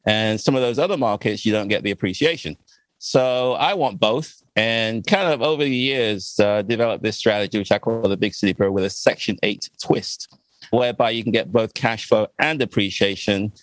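A man's voice: on the low side, normal speed, dry recording, low-quality recording. An older man from Ghana, a real estate investor chatting as a podcast guest, laughing easily. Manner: good-humored, laughs easily. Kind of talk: casual podcast interview.

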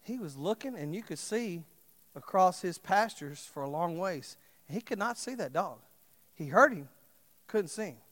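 Impassioned preacher man, high voice. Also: expressive, moderate pace, in a large hall. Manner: swings from loud impassioned preaching to quiet storytelling. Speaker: pastor. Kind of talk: sermon.

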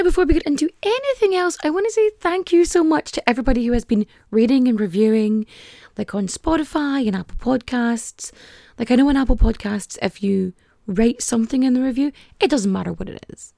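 A woman's voice: fairly high pitch, lively intonation, brisk, gravelly, warm tone, no room sound. A young woman hosting a podcast, rambling and chatty, packing her talk with "like". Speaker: podcast host. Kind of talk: casual podcast chat.

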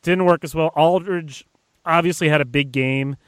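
A man with a slightly raised voice, analyzing games in a casual sports chat. He hedges often and works through his thoughts out loud. The recording is close and dry. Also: fairly high pitch, normal speed, no room sound. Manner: analytical, hedging with "I mean". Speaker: co-host and editor.

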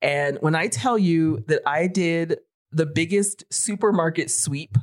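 A woman in her forties telling a story in casual podcast chat, animated and swearing freely. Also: low voice, a little slow. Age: 40s. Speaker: podcast co-host.

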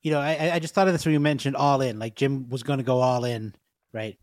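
A man co-hosting a podcast in casual chat, reflective and quick to laugh. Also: medium pitch, steady tone, no room sound. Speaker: podcast co-host.

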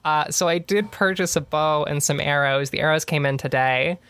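A woman's voice: deep voice, steady tone, normal speed, fairly bright tone, no echo. A young adult woman co-hosting a casual chat, telling stories animatedly, laughing often and swearing freely. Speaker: podcast co-host.

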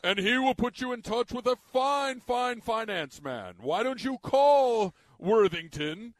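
A man doing a slow, haughty impression of a rich older Northeastern businessman on a radio talk show. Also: very high voice, expressive, dry recording, pitched above the performer's own voice.

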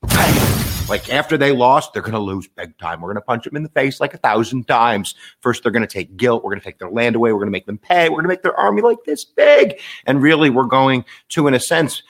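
Lively man teaching history. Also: medium pitch, a little fast. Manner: animated, jokey, casual with fillers. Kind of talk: lecture.

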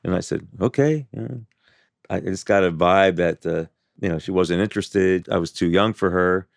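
Gravelly older man recounting his life. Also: low voice. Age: 70s. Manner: halting, with frequent restarts and "you know" fillers. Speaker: interviewee.

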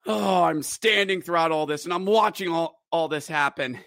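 A man's voice: a little high, moderate pace, creaky, a bit bright, no room sound, clean studio sound. A man hosting a fan podcast, recapping hockey games in play-by-play style with wry, bitter sports-fan humor. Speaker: podcast host.

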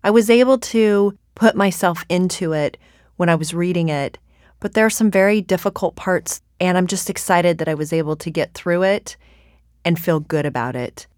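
A woman's voice: on the low side, normal speed, a little mellow, dry recording. A woman author talking earnestly about recording her audiobook, in a close studio recording. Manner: earnest, heartfelt, laughs at herself.

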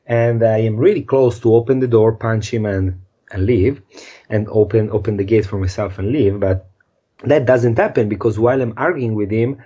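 A man's voice: lowish voice, moderate pace, mellow, slightly rough, highs cut off. Earnest man telling a story. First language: Italian. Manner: earnest, non-native phrasing, restarts words. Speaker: podcast guest. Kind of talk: emotional storytelling.

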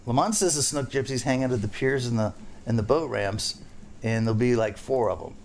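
A man's voice: medium pitch, a little fast, a little mellow, slight background noise. A man who is a fishing guide, hosting a casual podcast chat and rambling through jokes and stories. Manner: rambling, joking, storytelling.

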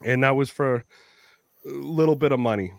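A man's voice: medium pitch, moderate pace, vocal fry, dry recording. A Canadian man on a podcast, telling a story in casual chat, swearing freely and acting out the people he quotes. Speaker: podcast co-host.

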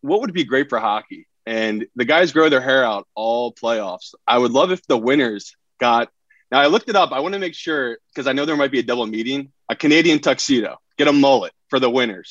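A man's voice: mid-range voice, brisk, fairly bright tone, dry recording, dull audio. A man competing as a contestant on a podcast game show, rambling and self-mocking. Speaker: contestant, pro gambler. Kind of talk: casual game show banter.

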